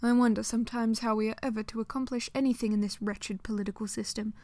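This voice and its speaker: A woman voicing a refined, wry gentleman in a storybook reading, with elegant, precise phrasing. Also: on the high side, steady tone, quick pace, dry recording, natural voice. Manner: elegant, precise, slightly sardonic.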